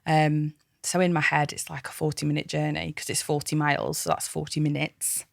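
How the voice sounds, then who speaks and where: A woman's voice: sits low, flat delivery, a little fast, vocal fry, no room sound, clean studio sound. A woman, a podcast guest chatting in a self-deprecating way. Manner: chatty, self-deprecating, talks over others. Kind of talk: casual chat.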